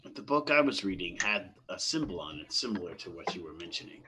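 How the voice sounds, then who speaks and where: A man playing a tabletop game, offering thoughtful, measured suggestions in casual talk. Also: sits low, big pitch swings, noisy background. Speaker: player.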